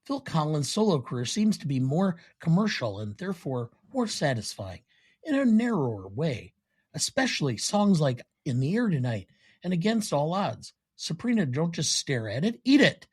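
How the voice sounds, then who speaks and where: A man on a podcast reading film quotes as a smug, cold male yuppie killer in a flat, deliberate way. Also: on the high side, slightly rough.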